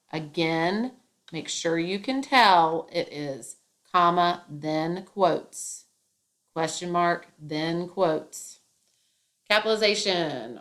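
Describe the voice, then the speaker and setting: Lower-pitched woman explaining a lesson. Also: a bit bright. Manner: explaining step by step with playful asides. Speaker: teacher. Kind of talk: classroom grammar lesson.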